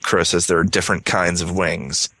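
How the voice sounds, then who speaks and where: Deep-voiced man reading aloud, dry sound. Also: little pitch movement, sharp tone, dry recording. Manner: reads aloud, then drops into quick casual summary. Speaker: podcast co-host. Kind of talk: casual book discussion, reading passages aloud.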